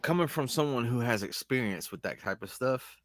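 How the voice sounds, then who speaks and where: A man co-hosting a podcast in casual chat, joking and animated, saying "bro" a lot. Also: medium pitch, brisk, no echo, studio quality. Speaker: podcast co-host.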